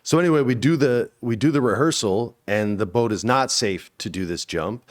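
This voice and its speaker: A male actor in his forties chats through stories on an interview at a moderate pace. Whenever he imitates someone, he lets out sudden high bursts.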